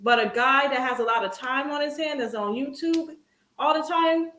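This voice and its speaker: A woman's voice: sits high, normal speed, a bit bright. A woman in casual chat who talks bluntly and rants in agreement. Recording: echoey room.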